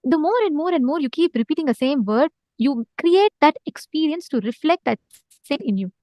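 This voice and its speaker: A woman's voice: high voice, animated, moderate pace, dark tone, no room sound. A woman with an Indian English accent teaching a live online spiritual session, earnestly urging listeners to respond.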